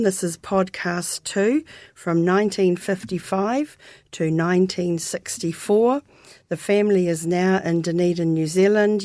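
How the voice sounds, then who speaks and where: Woman podcast host, low-ish voice, scripted intros and questions, dry close sound. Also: a little mellow, no room sound. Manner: reads prepared introductions and questions.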